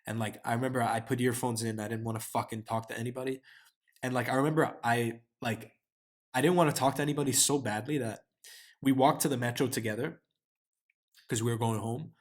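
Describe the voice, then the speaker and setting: A young man in his twenties talks straight to the camera about what he learned, looping through his thoughts. His speech is loose and full of slang, curse words and a steady stream of "like". His pitch sits in the middle range for a man. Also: a little fast. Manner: heavy slang and swearing, frequent filler "like". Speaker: vlogger. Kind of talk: casual reflective monologue.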